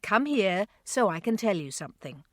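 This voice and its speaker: A kind, patient grown man who speaks gently and reassuringly to a child, as a woman reading an audiobook voices him. The delivery has a lively rise and fall, and the sound is close and dry. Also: mid-range voice, normal speed, no room sound. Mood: gentle. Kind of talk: audiobook character voice.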